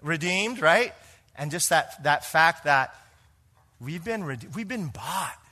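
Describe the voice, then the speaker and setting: A pastor preaching to his congregation, his voice pitched a little high and carrying a bright, forceful edge. He moves between quiet, hushed lines and emphatic ones, often turning to the people with questions. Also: lively intonation, slow. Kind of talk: sermon.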